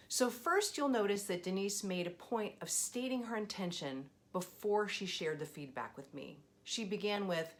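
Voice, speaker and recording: Expressive woman host with lively pitch. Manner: expressive storytelling, clear and measured. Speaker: leadership coach and host. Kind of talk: scripted video lesson with personal story.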